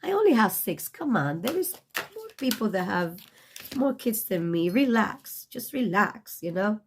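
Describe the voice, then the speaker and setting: A woman's voice: medium pitch, very animated, moderate pace, a little mellow, a little hiss or hum. A middle-aged woman giving a casual tarot reading, blunt and profane, emotional and choking up at times, with non-native English phrasing. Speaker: tarot reader.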